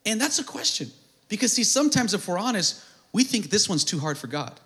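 A high-pitched man preaching to a congregation. He calls for answers and repeats key lines. His voice swells into shouted, fervent peaks. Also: sing-song, fairly quick. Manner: call-and-response preaching, builds to shouted climaxes; acts out prayers in a mumbled comic voice. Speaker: pastor. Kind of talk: sermon.

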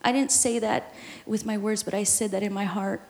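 A woman pastor preaching a sermon in a church sanctuary, impassioned, swinging from hushed tones to shouting. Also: medium pitch, steady tone, moderate pace. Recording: reverberant church hall.

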